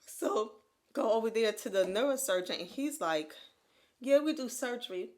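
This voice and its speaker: Animated woman telling a story. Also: on the high side, normal speed. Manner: animated, laughs often, acts out quoted voices. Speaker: podcast co-host. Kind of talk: casual storytelling chat. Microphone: USB condenser mic.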